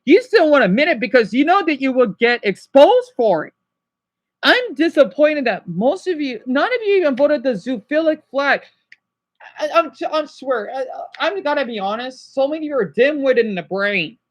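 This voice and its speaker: High-voiced, exasperated young man ranting. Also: big pitch swings, moderate pace, dull audio. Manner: agitated, exasperated scolding; tired, sighing. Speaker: livestreamer. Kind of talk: livestream rant to chat.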